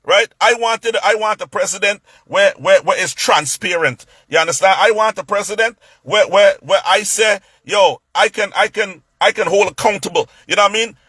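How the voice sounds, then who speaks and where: A man telling a story in a casual rant, animated, stumbling over repeated words and acting out what others said. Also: high-pitched, moderate pace, few pauses, husky, dry recording.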